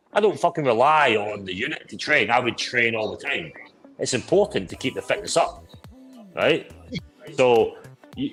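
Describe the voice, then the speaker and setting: Man, mid pitch, crude casual storyteller, constant swearing, faint music in the background. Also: a bit bright, rough recording. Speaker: podcast co-host. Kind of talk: casual pub-style chat.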